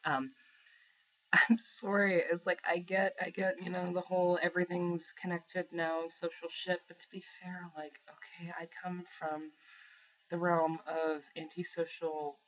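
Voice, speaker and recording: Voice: medium pitch, unhurried. Profane ranting young gamer, lo-fi. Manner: profane, exasperated, sarcastic; animated, mocks others with put-on quotes. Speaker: gaming vlogger. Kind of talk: angry rant to camera.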